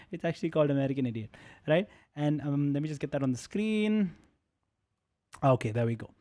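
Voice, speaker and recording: A man's voice: fairly high pitch, animated, fairly quick, dark tone. A man hosting a music session as a radio jockey, talking casually and explaining songs with rhetorical questions.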